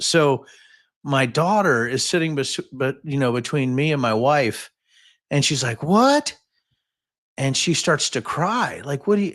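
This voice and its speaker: Casting note: fiftyish male host, mid-pitched, loose and rambling, cracks jokes mid-story. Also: a bit bright. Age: 50s. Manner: rambling and jokey, many fillers and asides. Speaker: podcast host. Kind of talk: casual livestream storytelling.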